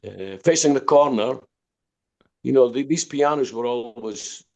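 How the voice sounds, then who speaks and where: A man's voice: medium pitch, unhurried, darkish tone. An older man with a Scottish accent, a podcast guest telling long anecdotes with many restarts. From Scotland, Dundee. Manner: rambling storyteller, repeats words and restarts. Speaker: guest musician. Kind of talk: podcast interview.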